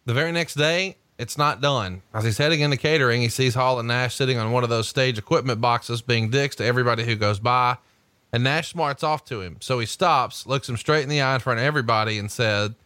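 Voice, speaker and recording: A male host tells stories and reads excerpts in a loose, profane podcast style. His voice is bright and forward, recorded close and dry. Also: medium pitch, fairly quick, clear, resonant tone, dry recording. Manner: profane, storytelling. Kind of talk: casual chat, reading book excerpts.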